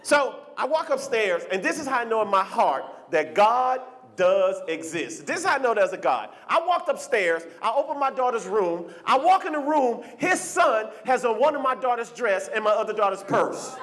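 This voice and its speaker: A male stand-up comedian works a club stage in an animated, teasing way. His voice is high for a man and leaps all over the place. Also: normal speed, hardly any pauses.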